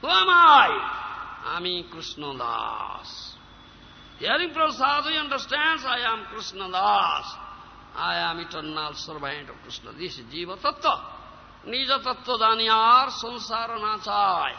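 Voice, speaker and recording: A man's voice: high-pitched, sing-song, measured pace, gravelly, slight background noise. A man giving a devotional sermon, stressing points with sudden rhetorical questions to his listeners. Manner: emphatic, rhetorical questions to listeners, breaks into chanting. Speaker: spiritual teacher. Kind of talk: devotional lecture with sung verses. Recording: lo-fi hall recording, faint ambience.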